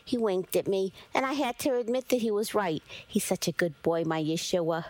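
A woman reading a first-person story aloud in a measured, even storytelling manner. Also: lowish voice, no echo, poor audio. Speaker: story reader. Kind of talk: first-person scripted narration.

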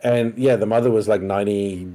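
A man's voice: on the low side, fairly even intonation, a little fast, warm tone, low-quality recording. A man co-hosting a casual podcast, arguing his point insistently. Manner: argumentative, insistent. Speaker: podcast co-host.

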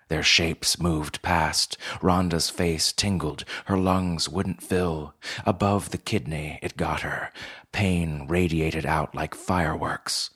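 Male narrator, deep and husky, measured unhurried read. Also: fairly even intonation, a bit bright. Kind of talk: scripted narration.

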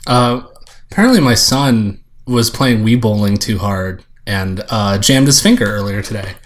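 A man's voice: lowish voice, moderate pace. A man co-hosting a podcast in casual chat, rambling with lots of filler words. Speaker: podcast co-host.

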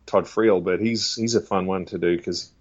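Impressionist guest, man, lowish voice, casual and chatty, muffled lo-fi track. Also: fairly even intonation, no room sound. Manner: breaks into quick celebrity and preacher impressions, laughs often. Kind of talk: casual interview chat with impressions. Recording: dull lo-fi sound.

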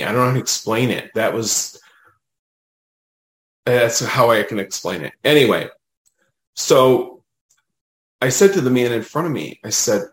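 A man, a medium, telling a personal story in casual conversation, animated and full of fillers, acting out what others said. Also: mid-range voice, echoey room, poor audio. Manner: animated, retells dialogue, many fillers. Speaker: medium, podcast guest.

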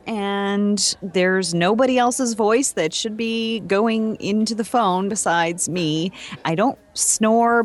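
A woman co-hosting a podcast, telling a story in a chatty, rambling way. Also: medium pitch. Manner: chatty, rambling with restarts and laughs. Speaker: podcast co-host. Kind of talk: casual chat.

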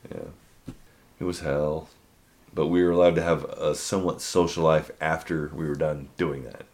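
A man in his forties, a podcast co-host, telling military stories in casual chat, swearing freely and acting out shouted drill instructor lines. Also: very deep voice, little pitch movement, normal speed. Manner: storytelling, acts out drill instructors loudly.

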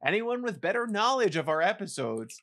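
A man's voice: sits high, sing-song, moderate pace, a bit bright. A man co-hosting a podcast in casual chat, playful and hesitant as he guesses. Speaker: podcast co-host.

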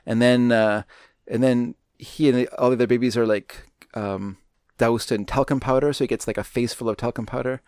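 Man, podcast co-host, casual movie talk, rambling, restarts, mid pitch, dry close sound. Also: fairly even intonation, fairly quick, a little mellow, clean tone, no echo.

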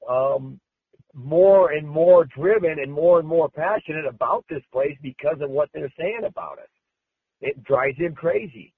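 American coach guy, kinda higher voice, husky, keeps saying really really, sounds thru a tinny phone line. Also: dry recording. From United States. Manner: repetitive, emphatic, many restarts. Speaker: wrestling coach. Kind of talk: press interview.

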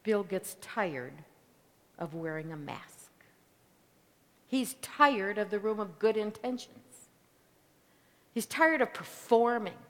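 A woman preaching a sermon as a story, swinging between loud declarations and hushed whispers. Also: medium pitch, lively intonation, takes it slowly, long pauses. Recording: long reverb of a large hall.

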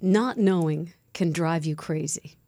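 A woman hosting a podcast, asking gentle, probing questions in a husky voice. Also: on the low side, a little slow. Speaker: podcast host. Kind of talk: interviewing.

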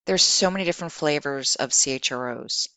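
A woman guest, an HR executive, telling a career story in an animated, conversational way. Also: low voice, fairly quick, dry recording. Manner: animated, acts out quoted dialogue.

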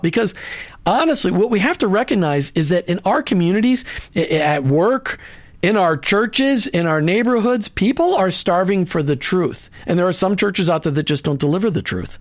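A man's voice: high-pitched, animated, moderate pace, no room sound. A man hosting a Christian radio talk show, speaking earnestly in a preachy way, with many restarts and asides into a studio microphone.

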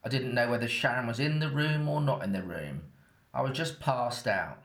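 An English narrator with a slight Essex accent tells his own scripted story in a chatty, matter-of-fact, slightly cheeky way. His medium-pitched voice is animated, a bit bright, and moderately paced, with noticeable reverb.

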